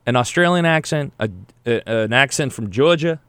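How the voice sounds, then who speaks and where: Lively, joking radio co-host man. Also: medium pitch, moderate pace, clear, resonant tone, dry recording. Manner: joking, playful. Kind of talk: sports talk radio banter.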